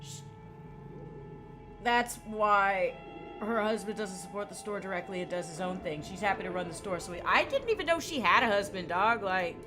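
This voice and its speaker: A woman's voice: mid-range voice, expressive, normal speed, over music. A woman game streamer rambling casually while she plays, chatty and swearing freely. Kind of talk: casual gaming commentary.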